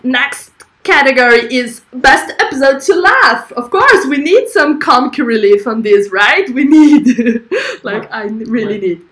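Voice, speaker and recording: Woman, stream host, fairly high voice; chatty, giggly, stumbles and restarts. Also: expressive, measured pace, a bit bright. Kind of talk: casual live-stream chat.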